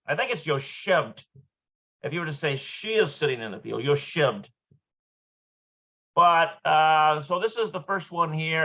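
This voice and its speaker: Slow, hesitant man going over vocabulary. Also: fairly high pitch, bright, forceful tone. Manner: hesitant, thinking aloud, checking pronunciation. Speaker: Hebrew lesson presenter. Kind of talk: working through a vocabulary lesson aloud.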